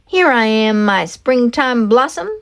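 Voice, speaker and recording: A woman reading a storybook aloud and voicing a small, lovelorn man who wants to be a cowboy, calling out in high, dramatic pleas. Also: expressive, measured pace, a bit bright. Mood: tender calling. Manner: high, pleading, dramatic calls. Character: lovelorn little male would-be cowboy.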